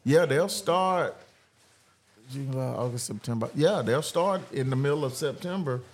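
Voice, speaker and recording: A relaxed man hosts a sports podcast at a car show. He talks at his ease, laughs often and drags out his fillers. His voice sits at a middling pitch. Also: breathy edge. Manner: laid-back, laughs often, drawn-out fillers. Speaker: podcast host. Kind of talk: casual sports chat.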